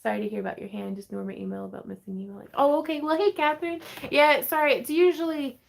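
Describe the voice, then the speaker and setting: A woman's voice: high-pitched, vocal fry. A woman hosting a casual craft livestream from home, chatting, laughing easily and reading out viewer comments as she answers them. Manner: chatty, rambling, quick to laugh.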